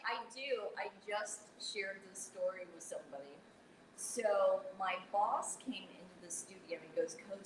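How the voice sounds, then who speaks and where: A middle-aged woman on the radio telling stories in casual chat, animated and laughing, acting out the voices in her stories. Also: fairly low pitch, far from the mic, background noise. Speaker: radio personality guest. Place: busy pub, live broadcast. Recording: echoey pub with loud chatter. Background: pub chatter.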